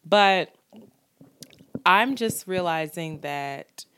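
A woman co-hosting a podcast from home, talking casually, candid and animated, swearing freely. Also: on the low side, drawn-out words, smooth, no echo. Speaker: podcast co-host. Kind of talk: casual chat.

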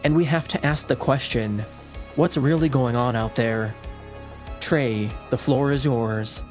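A man's voice: medium pitch, measured pace, soft background music. A man hosting a podcast, introducing a segment with a dramatic, rhetorical delivery. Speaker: podcast host. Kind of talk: scripted host introduction.

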